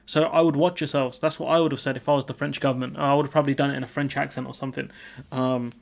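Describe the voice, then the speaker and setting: A man's voice: mid-range voice, little pitch movement, racing, gravelly. A young man giving casual, opinionated commentary on the news, with many fillers and an informal manner.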